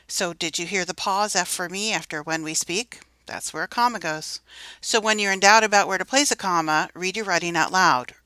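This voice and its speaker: Bright-voiced woman teaching clearly. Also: fairly low pitch, no echo, low-quality recording. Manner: clear and patient, reads examples slowly aloud. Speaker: writing teacher. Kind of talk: instructional explanation.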